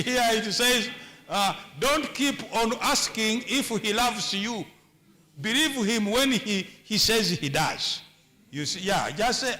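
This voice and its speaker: Man, Ugandan English accent, church sermon, high-pitched, bright tone, repeats words. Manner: humorous, repeats words often, stammers. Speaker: preacher. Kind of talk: sermon on marriage.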